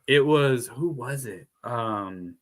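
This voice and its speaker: A man's voice: medium pitch, lively intonation, takes it slowly. A man with a lisp streaming and chatting casually, rambling, laughing and swearing. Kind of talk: casual chat.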